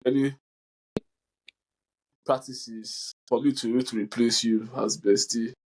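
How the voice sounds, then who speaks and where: Man, podcast host, casual chat, mid-pitched voice, lively storyteller who laughs a lot. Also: slow pace, poor audio. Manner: animated storyteller, laughs often.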